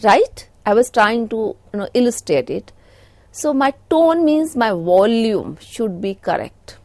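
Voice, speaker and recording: Indian woman lecturing, fairly high voice. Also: big pitch swings, a little slow, darkish tone, no room sound. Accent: Indian English. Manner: explanatory, frequent "you know" fillers. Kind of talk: recorded lecture.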